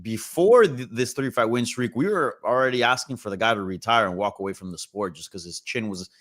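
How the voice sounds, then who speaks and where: A man's voice: on the low side, fairly quick, fairly bright tone. A man gives fight analysis in a casual roundtable. He speaks firmly and directly. He disagrees plainly.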